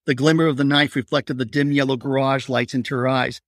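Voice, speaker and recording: A man reading aloud from his crime thriller in a steady, measured narration. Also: mid-range voice, no room sound, clean studio sound. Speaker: author reading his novel.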